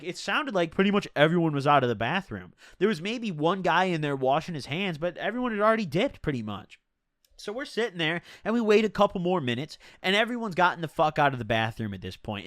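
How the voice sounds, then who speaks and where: Lively-pitched young man telling a story. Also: dry recording, studio quality. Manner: slangy, profane, chatty. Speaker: vlogger telling a personal story. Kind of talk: casual storytelling.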